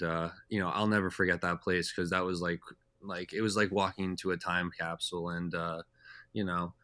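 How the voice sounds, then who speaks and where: Low-voiced man rambling through stories. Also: bright, forceful tone, no room sound. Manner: rambling, loose and talkative. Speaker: podcast guest. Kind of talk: casual storytelling chat.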